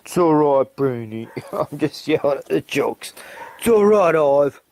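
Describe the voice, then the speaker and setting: Out in a rural yard, a vlogger rants casually to camera, swearing at crowing roosters and cooing to his dogs. His voice is fairly high and darkish, with lively intonation and a measured pace.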